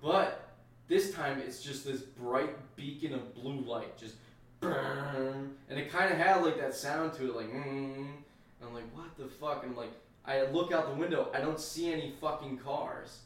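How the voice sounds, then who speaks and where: A man's voice: mid-range voice, unhurried. Casting: male podcast co-host, rambling and profane storyteller, distant mic, very echoey room. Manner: profane, rambling, acts out his own reactions. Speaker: podcast co-host, Army veteran. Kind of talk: casual storytelling.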